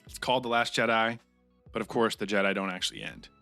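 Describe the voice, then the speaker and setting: A man's voice: lowish voice, fairly even intonation, fast talker, pushed and bright, no echo, soft background music. A man co-hosting a casual comedy podcast, giving blunt opinions and swearing casually as he reads out chat questions. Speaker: podcast co-host.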